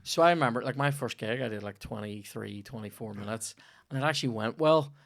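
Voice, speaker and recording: A young comedian chats loosely on a podcast. He rambles through his stories and swears freely, with a voice of ordinary middle pitch. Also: fairly quick, vocal fry. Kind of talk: casual podcast chat.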